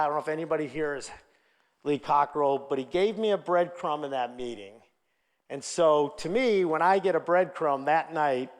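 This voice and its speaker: Male keynote speaker, lively storyteller, slightly raised pitch, reverberant conference hall. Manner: energetic, animated, acts out quoted dialogue.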